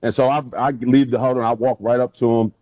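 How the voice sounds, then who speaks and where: A man, a former pro football player, telling animated stories as a guest in an interview. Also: mid-range voice, fast talker, no room sound. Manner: animated storyteller, acts out quotes. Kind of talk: casual interview storytelling. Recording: dull lo-fi sound, dry.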